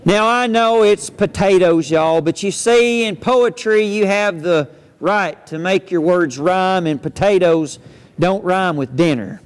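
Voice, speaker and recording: A man's voice: high voice, unhurried. A man, a cowboy storyteller reciting poems and tales for children in a folksy, playful drawl. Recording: long hall reverb.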